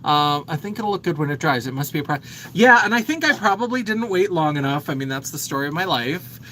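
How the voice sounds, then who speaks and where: A man's voice: on the high side, lively intonation, fast talker, bright, forceful tone, a little hiss or hum, low-quality recording. A man in his thirties hosting a casual makeup livestream, chatting and reading viewer comments aloud. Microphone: phone.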